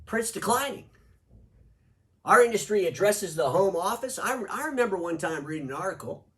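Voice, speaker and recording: Animated, sarcastic man hosting commentary. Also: sits high, moderate pace, recorded from a distance. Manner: sarcastic, animated, reads quotes aloud with mock emphasis. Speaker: show host. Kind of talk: opinionated video commentary.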